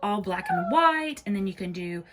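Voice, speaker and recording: A woman's voice: mid-range voice, expressive, moderate pace, background noise. A woman hosting a casual quilting tutorial, chatty and reassuring, who repeats each instruction step by step. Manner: reassuring and encouraging. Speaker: quilting video host.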